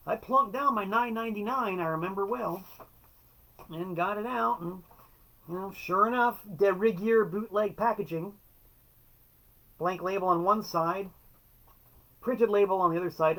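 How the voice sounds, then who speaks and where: A man's voice: fairly high pitch, sharp tone. A middle-aged man hosting a casual solo show, telling stories in an enthusiastic, wry way with playful quotes. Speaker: show host and record collector.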